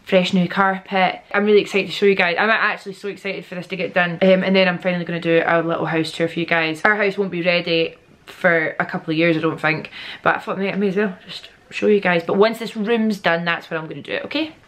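A young Scottish woman vlogging, chatting casually and excitably to camera. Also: lowish voice, fast.

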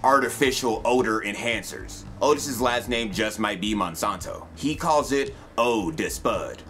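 A man's voice: on the low side, animated, a little slow, fairly bright tone, soft background music. A man narrating a cartoon review in a scripted comedic style, sarcastic and crude, with mock-formal asides.

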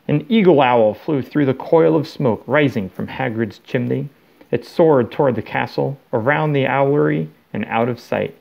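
A man reading a storybook chapter aloud to his child in a steady, plain way. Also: medium pitch, creaky, dull audio.

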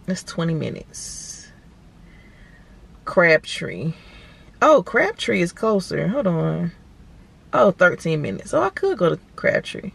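A woman's voice: on the low side, sing-song, slow pace, vocal fry, long pauses, slightly rough. A woman, vlogging and chatting animatedly to viewers from her car. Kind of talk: casual chat to camera.

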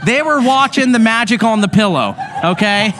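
A man co-hosting a live paranormal show, telling a story in a lively way, laughing and checking in with the crowd. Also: high voice, normal speed, raised voice, background noise. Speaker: paranormal investigator podcast co-host.

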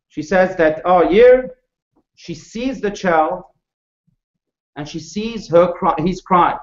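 A man, a rabbi, tells stories to a live class, his voice swinging widely in pitch and loudness as he asks the audience questions. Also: slow, long pauses. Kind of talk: storytelling lecture to a live audience. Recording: echoey room, dull lo-fi sound.

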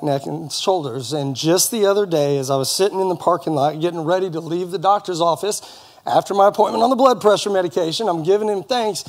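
In front of the congregation at church, a middle-aged man offers his testimony with sincerity. Folksy and lightly humorous, he speaks in a voice that sits somewhat high for a man.

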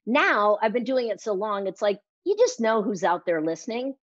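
A woman's voice: mid-range voice, normal speed, dry recording, muffled recording. A woman speaking coach talking energetically as an interview guest, acting out little quotes in changing voices. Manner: energetic, acts out quotes with shifting voice. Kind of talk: lively interview talk.

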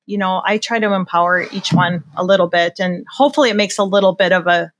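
A woman's voice: fairly low pitch, quick pace. An older woman, a portrait photographer, talking in a casual interview with enthusiasm and many restarts. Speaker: senior portrait photographer, guest.

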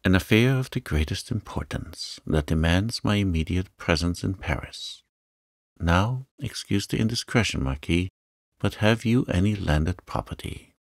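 A man's voice: sits low, lively intonation, measured pace, creaky, dry recording, studio quality, heavily acted. A man reading the part of a grave young prosecutor who speaks with urgent, guarded seriousness. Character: stern male prosecutor, urgent and secretive.

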